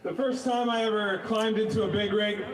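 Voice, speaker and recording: A man's voice: high-pitched, fairly even intonation, normal speed, echoey room, far from the mic, low-quality recording. A man giving an earnest, emotional prepared speech, choked up and grateful. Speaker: speaker at a protest rally.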